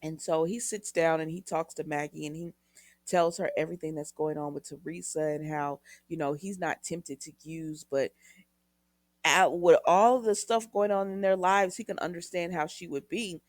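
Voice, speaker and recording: A woman's voice: low voice, steady tone, moderate pace, dry recording. A woman recapping a soap opera episode in a chatty way, retelling scenes with quoted lines and asides to her viewers.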